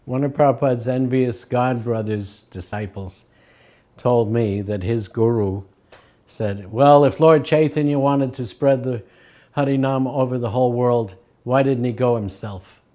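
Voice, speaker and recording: An older man recalling his spiritual teacher in a relaxed storytelling way, acting out the voices in his stories. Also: medium pitch, a little slow. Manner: acts out quoted voices, chuckles between stories. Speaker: devotee recalling memories. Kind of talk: anecdotal storytelling.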